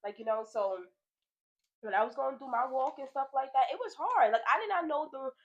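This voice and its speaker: Animated young woman, higher voice. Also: brisk, highs cut off. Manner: animated storytelling, laughs often, many "like"s. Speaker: vlogger, big sister. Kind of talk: casual heart-to-heart chat. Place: home, pajama night.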